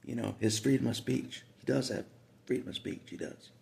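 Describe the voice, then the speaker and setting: Man with a heavily gravelly voice and average pitch; rambling, repetitive vlog monologue. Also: fairly even intonation, fairly quick, darkish tone. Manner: rambling, repeats himself, frequent asides. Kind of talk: casual monologue to camera.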